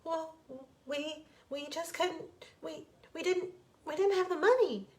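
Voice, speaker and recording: A woman's voice: sits high, lively intonation, moderate pace, fairly bright tone, pitched above the performer's own voice. A woman voicing an anxious, devoted mother rabbit in a bedtime storybook reading, with a pleading, emotional manner. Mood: fretful.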